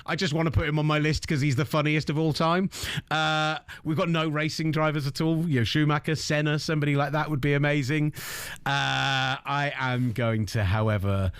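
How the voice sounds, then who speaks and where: A man hosting a casual sports talk show, excitable and playful, with bursts of mock outrage. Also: medium pitch, dry recording. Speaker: show host. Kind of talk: casual sports radio chat.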